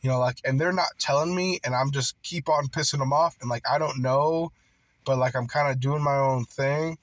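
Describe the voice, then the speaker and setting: A man's voice: mid-range voice, moderate pace, dry recording. A man telling a casual story in a rambling way, full of swearing and fillers like "like". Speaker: worker on a night job.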